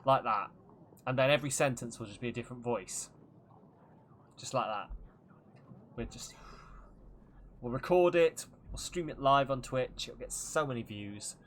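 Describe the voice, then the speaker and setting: A man's voice: medium pitch, normal speed, long pauses, fairly bright tone, slight background noise. A man casually commenting while streaming a game, rambling and joking with frequent laughs. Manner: rambling, jokey, laughs often.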